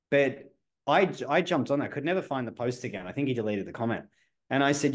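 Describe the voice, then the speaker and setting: A man hosting a podcast talks in a blunt, assertive way. He lays out his opinions firmly and now and then drops a swear word. His voice sits at an ordinary middle pitch. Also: a little fast. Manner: sometimes swears. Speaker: podcast host. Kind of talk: casual podcast conversation.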